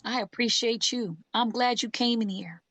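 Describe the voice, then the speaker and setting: Woman streamer, high and bright, preaching encouragement to guests. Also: moderate pace, no room sound. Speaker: livestream host. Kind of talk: casual livestream chat.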